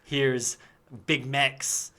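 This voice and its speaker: A man's voice: mid-range voice, little pitch movement, very slow, bright, forceful tone. A man co-hosting a casual gaming podcast, talking enthusiastically, swearing freely and sometimes humming tunes. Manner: enthusiastic, swearing, hums tunes and acts out quotes. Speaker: podcast co-host.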